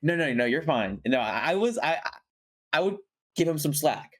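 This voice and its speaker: A man's voice: fairly high pitch, very animated, moderate pace, a bit bright. Rambling young-sounding man reviewing a film. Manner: rambling, frequent fillers and self-corrections. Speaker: podcast co-host reviewing a film. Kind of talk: casual chat.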